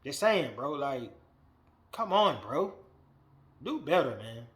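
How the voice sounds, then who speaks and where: This is a male wrestling podcast host speaking slowly in a mid-range voice. He delivers an animated, profane, blunt rant of his opinions, alternating between low mutters and loud bursts.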